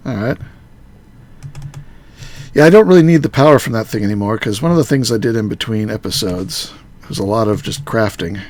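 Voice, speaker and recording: A man casually talking through a modded game on a live stream, muttering to himself with halting fillers. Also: fairly low pitch, lively intonation, a little mellow.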